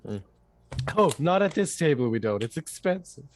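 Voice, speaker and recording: A game master narrating a tabletop role-playing game with animated storytelling and frequent laughs. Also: medium pitch, normal speed, slight background noise.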